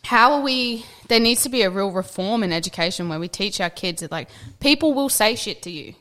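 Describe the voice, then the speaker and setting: A woman's voice: mid-range voice, a little fast. A young adult woman, chatting earnestly as a podcast co-host and acting out the people in her stories. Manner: earnest, animated storyteller, acts out quotes, swears casually. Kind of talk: casual chat.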